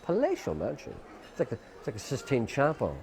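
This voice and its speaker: A man's voice: mid-range voice, lively intonation, quick pace, background noise. An Irish man, a guest musician, telling a long rambling anecdote, quoting people's lines and filling with "you know".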